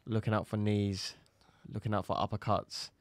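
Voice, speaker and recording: Laid-back podcast co-host. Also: male voice, on the low side, flat delivery, moderate pace, dry recording, clean studio sound. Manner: laid-back, jokey, swears. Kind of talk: casual chat.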